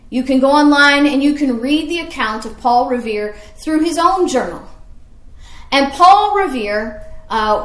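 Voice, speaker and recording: A woman's voice: sits high, fairly bright tone, echoey room. A woman teaching history as a story, asking her listeners questions along the way. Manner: storytelling, asks the audience questions.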